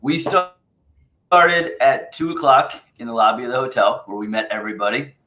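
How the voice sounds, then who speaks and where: Male co-host, bright edge to the voice, lively storyteller in relaxed conversation. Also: medium pitch, moderate pace. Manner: storytelling, animated quoting. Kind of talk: casual podcast chat.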